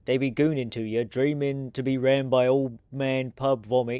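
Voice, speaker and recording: A man's voice: medium pitch, little pitch movement, normal speed, mellow, clean tone, no room sound, studio quality. A man from the United States streaming a game with casual, rambling commentary and frequent swearing. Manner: chatty, rambling, swears freely.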